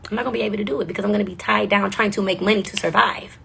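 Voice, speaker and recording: Gravelly young woman telling her story. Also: mid-range voice, fairly even intonation, rapid-fire, pushed and bright, slight background noise. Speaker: vlogger. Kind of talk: casual storytelling to the camera.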